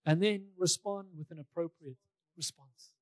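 A man's voice: a little high, normal speed, a little mellow, no room sound. A male pastor preaching a sermon in a conversational way, repeating key phrases for emphasis, with touches of light humor.

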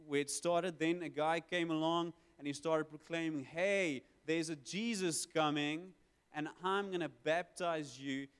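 Pastor preaching in a reverberant hall. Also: male voice, a little high, smooth. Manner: conversational preaching, quick asides, emphatic swells. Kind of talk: sermon.

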